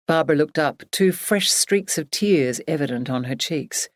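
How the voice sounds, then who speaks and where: Female audiobook narrator, low-pitched, steady storytelling, dry close sound. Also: no room sound. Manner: measured, even storytelling.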